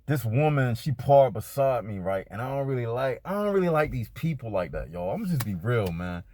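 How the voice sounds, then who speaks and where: A man's voice: mid-range voice, very animated, fairly quick, a little mellow, a little hiss or hum. Laid-back man talking in a parked car. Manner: laid-back, slangy, talks straight to viewers. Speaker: spiritual vlogger. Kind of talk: casual spiritual talk.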